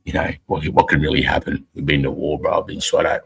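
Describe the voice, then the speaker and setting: A man's voice: extremely low pitch, flat delivery, fast, gravelly, husky. A middle-aged Australian man, an army veteran, talking bluntly and profanely in rambling casual chat on a live stream. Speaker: army veteran podcast co-host.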